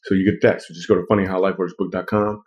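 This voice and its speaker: A man hosting a loose comedic chat, joking and drifting from one bit to the next. He talks fast in a somewhat low voice. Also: little pitch movement, muffled recording. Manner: joking, playful, rambling. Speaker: podcast host and author.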